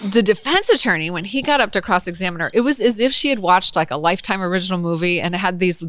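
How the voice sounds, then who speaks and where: A woman hosting a podcast, a former prosecutor telling courtroom stories in a loose, animated way, with frequent laughs and "right?" asides. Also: lowish voice, fast, dry recording. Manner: animated, laughs often, acts out courtroom quotes; talks in restarts and asides, tags lines with "right?". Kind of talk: casual storytelling conversation.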